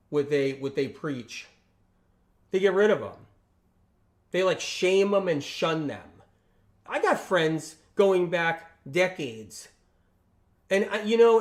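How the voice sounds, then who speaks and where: A man hosting a casual livestream, talking emphatically and repetitively, often tagging his points with questions and acting out quoted friends. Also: high-pitched. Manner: acts out quoted friends in lively voices. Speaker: health channel host on a livestream.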